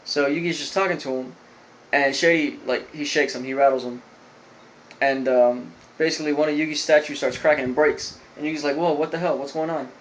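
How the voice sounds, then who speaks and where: Guy rambling thru an episode recap, lots of ums, average pitch, bit of hiss in the background. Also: fairly even intonation, fairly quick, low-quality recording. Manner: rambling, filler-heavy retelling with loose quoted lines. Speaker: anime episode reviewer. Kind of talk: casual spoken recap.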